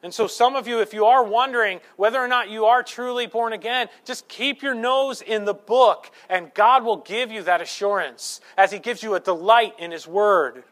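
A man in his thirties, a pastor preaching a sermon with lively storytelling and self-deprecating humor, swinging between loud emphasis and hushed asides. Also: sits high, normal speed, hardly any pauses.

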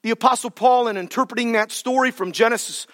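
A man preaching a sermon as pastor, emphatic, drawing key words out slowly for weight. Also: very high-pitched, fairly bright tone. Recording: long reverb of a large hall.

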